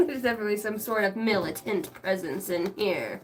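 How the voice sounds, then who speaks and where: A woman's voice: fairly high pitch, normal speed. A woman doing a casual tarot reading, swearing freely and breaking into laughter often. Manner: giggly, crude, keeps breaking into laughter. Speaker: tarot reader.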